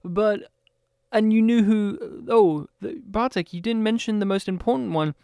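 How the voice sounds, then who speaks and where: High-voiced man chatting about films. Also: creaky, clean tone, no echo, clean studio sound. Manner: animated, rambling, quick to mimic characters. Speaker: film podcast co-host. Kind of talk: casual film review chat.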